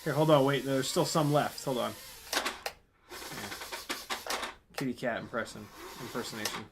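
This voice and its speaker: A man hosting a casual live stream as an FPV drone pilot, excitable and jokey, swearing and laughing as he flies. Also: mid-range voice, normal speed, creaky, noisy background. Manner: excitable, exclaiming and swearing while flying.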